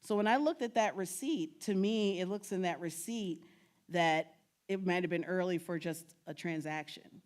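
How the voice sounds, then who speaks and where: A woman from New York talks to an audience as a guest speaker, telling stories from her family research. Her voice sits on the lower side, and she delivers it in an animated way, laughing often and playing out what her relatives said. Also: moderate pace. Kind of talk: storytelling presentation. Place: lecture at a state archives building.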